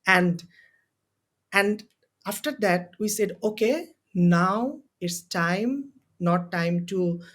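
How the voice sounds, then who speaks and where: A man's voice: high-pitched, animated, very slow, fairly bright tone. A young man with a Bangladeshi accent and Bengali as his first language talks as a guest on a podcast interview. He is a university student and speaks with raw emotion. He stresses his points by saying them again and again. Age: young adult. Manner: impassioned, emotional, repeats phrases for emphasis.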